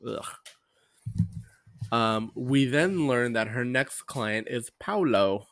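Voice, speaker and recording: A man's voice: medium pitch, slow, dry recording, studio quality. A man co-hosting a podcast, chatting casually and acting out characters' lines as he recaps. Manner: animated, mimics characters' lines. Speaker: podcast co-host.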